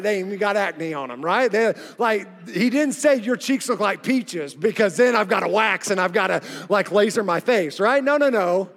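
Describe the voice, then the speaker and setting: High-voiced joking pastor in a hall. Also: male voice. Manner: energetic, joking with the congregation. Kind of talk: sermon. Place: church sanctuary.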